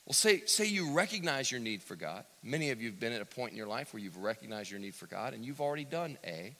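A man preaching a sermon, swinging from loud to hushed and acting out the quotes he cites. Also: medium pitch, expressive, fast talker, few pauses. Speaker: pastor. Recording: long reverb of a church hall.

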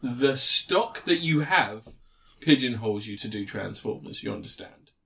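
A man's voice: mid-range voice, expressive, unhurried, creaky, fairly bright tone, husky. A man hosting a podcast, chatting casually and cracking crude, goofy jokes. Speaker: podcast host.

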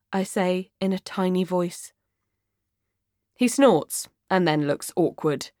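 Woman reading an audiobook, slow and dramatic, dry studio mic. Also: lowish voice, dry recording. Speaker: audiobook narrator. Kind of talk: first-person audiobook narration.

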